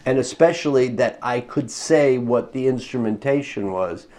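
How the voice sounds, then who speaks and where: A male orchestrator and composer, a guest in an interview, telling casual stories with lively acted-out quotes. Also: mid-range voice, moderate pace, a little hiss or hum. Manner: animated anecdotes, acts out quotes with laughter.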